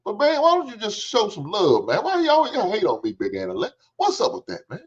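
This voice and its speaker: A man's voice: high voice, wildly swooping pitch, fast talker. A middle-aged man, hosting a livestream in casual, joking storytelling chat and swearing freely. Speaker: livestream host. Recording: dull lo-fi stream audio.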